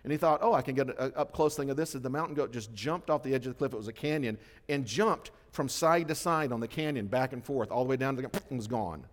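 A middle-aged man delivers a sermon in an easy, conversational way, now and then acting out the voices of the people he quotes. His voice sits at an ordinary pitch for a man. It rings out with a long reverb tail, as from a church hall. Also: quick pace, hardly any pauses. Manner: animated storytelling, acts out quoted voices. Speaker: pastor.

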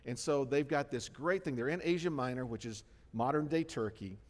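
A man pastor preaching a sermon, telling a story with lively swings between soft and loud. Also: a little high, in a large hall. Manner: storytelling, animated swings in loudness. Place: church sanctuary.

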